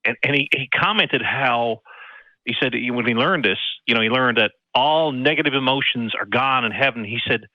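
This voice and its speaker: A man with a Newfoundland accent calling in to a show, speaking haltingly with many restarts and repeated words. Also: mid-range voice, no echo. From Newfoundland and Labrador. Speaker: caller. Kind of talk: casual phone-in chat. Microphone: phone or computer call. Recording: dull, muffled line.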